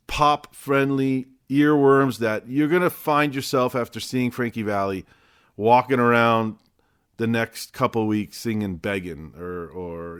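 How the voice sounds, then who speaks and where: A man's voice: mid-range voice, smooth. A man casually reviewing a live show for his vlog, talking in a loose, rambling way with the odd swear word.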